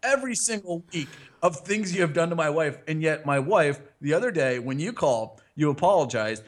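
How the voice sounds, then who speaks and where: A man's voice: fairly high pitch, expressive, brisk. Rambling, teasing, profane man host. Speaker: podcast host. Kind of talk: casual chat.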